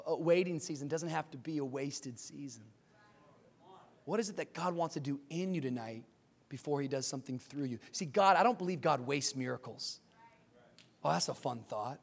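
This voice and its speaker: Pastor, man, 30s, high voice, sermon delivery, hushed asides rising to shouts. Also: moderate pace, vocal fry, breathy edge.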